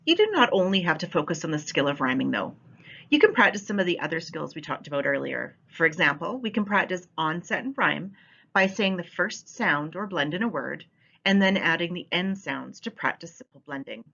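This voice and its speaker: Woman teacher, voice-over, bright and lively, expressive, slightly muffled recording. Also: on the low side, brisk. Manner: clear, expressive teaching delivery. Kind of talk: instructional voice-over.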